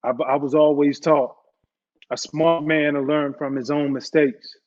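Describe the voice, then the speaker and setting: Guy chiming in on a podcast, quick reactions, kinda muffled sound. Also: fairly high pitch, little pitch movement, darkish tone. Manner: brief reactive interjections. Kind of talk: casual chat. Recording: dull lo-fi sound.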